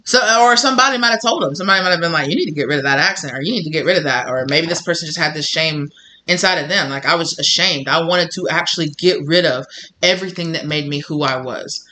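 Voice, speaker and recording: A man's voice: a little high, sharp tone, slight background noise. A man with a Southern US country accent talking casually as a channel host, rambling and repeating himself while acting out quoted conversations. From Southern United States. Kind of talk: casual personal monologue.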